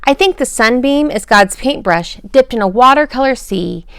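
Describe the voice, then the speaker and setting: A woman gently reading a children's picture book aloud at bedtime, pausing to ask the listener questions. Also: fairly high pitch, lively intonation, clear, resonant tone, no echo, clean studio sound.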